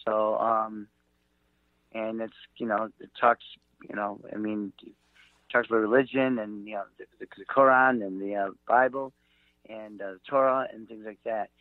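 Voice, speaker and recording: A middle-aged comedian appearing as a guest tells a rambling story full of halting fillers and restarts, acting out the quotes. His voice is lowish and steady, coming over a tinny, phone-like line with no echo.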